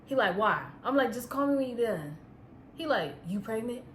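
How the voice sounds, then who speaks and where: A young woman telling a personal story in a casual, profane, animated way, often breaking into laughter. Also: fairly high pitch, normal speed, background noise. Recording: echoey room with faint ambience.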